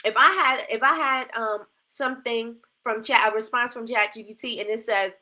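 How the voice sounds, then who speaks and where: A livestream host with a higher-pitched, sharp voice speaks at normal speed with fairly even intonation. She coaches her audience casually and chattily, leaning on rhetorical questions and repeated phrases, her mouth dry from a new retainer.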